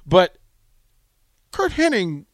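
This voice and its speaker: A man hosting a radio talk show, telling a rambling, animated anecdote full of restarts, in a studio on a close mic. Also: sits high, drawn-out words, no echo. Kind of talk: casual radio storytelling.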